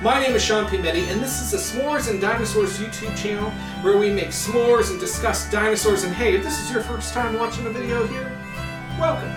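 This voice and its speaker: Male host, casual cooking-show chat, self-mocking, high voice, echoey room. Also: fairly quick. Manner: upbeat, chatty, self-mocking. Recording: roomy echo, distant mic, music behind.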